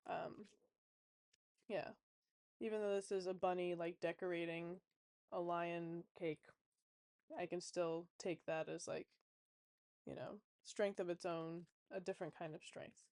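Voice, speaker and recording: A woman's voice: on the low side, steady tone, normal speed, long pauses, darkish tone, dry recording. A woman in a casual vlog as a tarot reader, chatty and rambling with many fillers.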